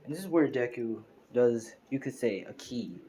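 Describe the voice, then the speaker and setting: A man's voice: medium pitch, expressive, moderate pace, warm tone, a little hiss or hum. A man improvising a fan story as narrator, rambling with lots of fillers.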